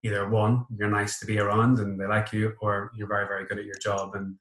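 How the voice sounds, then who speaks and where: A man's voice: fairly low pitch, little pitch movement, fairly quick, fairly bright tone, slight background noise. Northern Irish man in an echoey room. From Northern Ireland. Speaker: pharmacist guest. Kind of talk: casual podcast chat.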